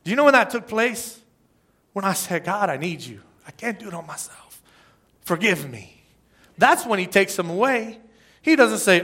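Male pastor, high bright voice, chatty self-deprecating sermon to the crowd. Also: sing-song, moderate pace, long pauses. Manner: conversational, self-deprecating, asks the crowd "right?". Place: church service before a congregation.

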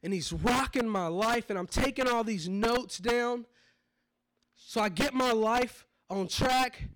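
A man preaching his testimony, telling it dramatically and swinging from hushed low moments to shouts. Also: slow. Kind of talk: testimony sermon.

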